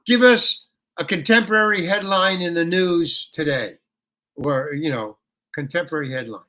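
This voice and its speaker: An older man, a guest actor telling a rambling story in an interview, with restarts that break into animated ranting. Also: on the high side, moderate pace.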